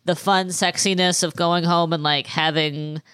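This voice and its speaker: A woman's voice: lowish voice, fairly even intonation, measured pace, fairly bright tone, clean tone, no room sound. A young adult woman co-hosting a podcast in casual chat, telling a story and laughing as she talks. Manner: chatty, laughs while talking. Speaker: podcast co-host.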